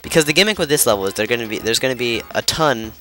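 A man's voice: mid-range voice, lively intonation, very fast, a bit bright, faint music behind. Flustered young man rambling over gameplay. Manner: rambling, flustered, many fillers and restarts. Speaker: let's player. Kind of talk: gameplay commentary.

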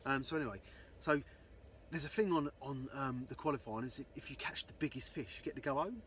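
Rambling, foul-mouthed bloke. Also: male voice, mid-range voice, fairly quick, a bit bright, a little hiss or hum. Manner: rambling, swears constantly, many "um, so anyway" fillers. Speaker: angler vlogger. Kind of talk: casual storytelling.

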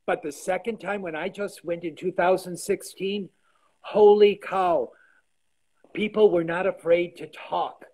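A man in his sixties, a guest artisan, chatting on a video call and telling lively stories with trailing restarts. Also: high voice, normal speed, few pauses, husky, low-quality recording. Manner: animated storyteller, trailing restarts. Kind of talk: casual interview chat.

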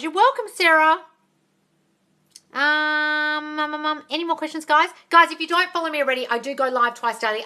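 A woman's voice: mid-range voice, sharp tone. A woman hosting a casual live Q&A on a phone stream, blunt and sweary, calling her viewers darling. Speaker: manifestation coach hosting a live Q&A.

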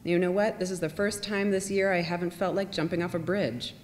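Woman reader as earnest father, low, wistful, echoing reverb. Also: fairly even intonation, brisk, darkish tone, natural voice. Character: wistful, emotional father talking to a stranger. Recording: long reverb, faint rumble.

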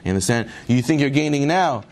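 A man giving a Torah class who tells a parable in an animated way and closes with Hebrew phrases. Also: mid-range voice, quick pace. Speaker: Torah teacher.

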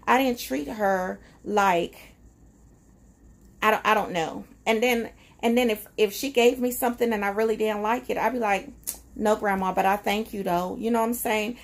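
Vlogger, woman, gravelly texture, emotional and reflective, casual and conversational delivery. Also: mid-range voice. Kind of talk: casual personal vlog.

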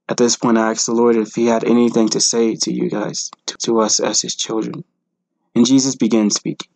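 A man's voice: mid-range voice, little pitch movement, fairly quick, gravelly, a little mellow, dry recording, poor audio. A man earnestly imploring listeners as he reads a devotional message. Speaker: devotional reader.

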